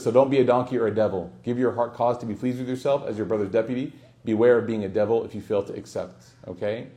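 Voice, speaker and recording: Man, religious study circle teacher, informal lesson, jokey storyteller, average pitch. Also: warm tone. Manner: joking, anecdotal, acts out dialogue.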